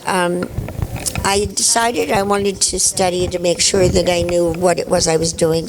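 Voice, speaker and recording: A woman's voice: fairly low pitch, rough recording. Older woman telling chatty anecdotes. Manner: chatty anecdotal storyteller, laughs often. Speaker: actress panel guest. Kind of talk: convention panel storytelling. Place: convention panel stage.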